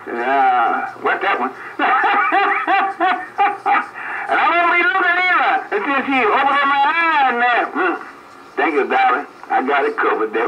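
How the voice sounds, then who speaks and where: An older man on a CB radio, chatting casually and reminiscing in a folksy way, laughing often. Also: high-pitched. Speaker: CB radio operator. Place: on the air by CB radio. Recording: dull CB radio audio with faint hiss.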